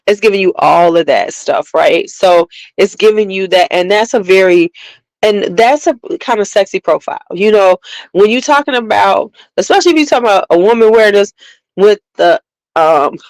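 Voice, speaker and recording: A woman's voice: mid-range voice, dry recording, rough recording. Chatty woman vlogger, dry close sound. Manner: chatty, animated, talks to viewers. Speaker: beauty vlogger. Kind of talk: casual livestream chat.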